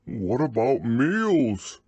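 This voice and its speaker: A man voicing a gentle, gloomy male teddy bear in a storybook reading, husky and anxious, with slow, sniffling talk. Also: mid-range voice, very animated, dry recording, heavily acted.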